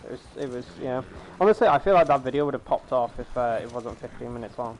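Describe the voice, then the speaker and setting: A male gaming streamer talks loosely over his play through a headset mic, circling back on himself with plenty of fillers and restarts. His voice sits at an ordinary middle pitch, with a faint hiss underneath. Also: quick pace, a little mellow. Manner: rambling, lots of fillers and restarts. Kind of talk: casual chat over gameplay.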